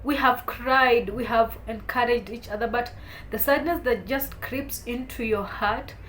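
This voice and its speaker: A young woman, talking to camera in a heartfelt, halting way while holding back tears. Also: a little high, slight background noise. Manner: heartfelt, halting, soft-spoken with emotional swells. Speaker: vlogger. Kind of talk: personal talk to camera.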